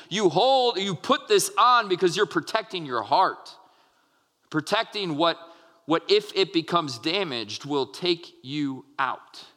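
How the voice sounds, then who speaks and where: A man's voice: sits high, sharp tone. A man, a pastor, preaching earnestly to his congregation, restarting phrases as he explains and acts out short quotes. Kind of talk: sermon. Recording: long hall reverb.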